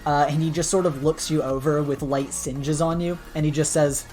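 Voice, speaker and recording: A woman's voice: deep voice, steady tone, normal speed, few pauses, mellow, faint music behind. A woman running a tabletop superhero game, narrating casually with lots of fillers. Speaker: game master.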